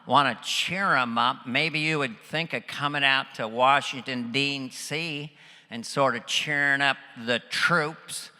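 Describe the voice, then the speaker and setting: A man's voice: mid-range voice, pushed and bright. A man doing a folksy, drawling older president. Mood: chummy drawl. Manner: slow, drawling, chummy and bossy. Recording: reverberant hall with faint music.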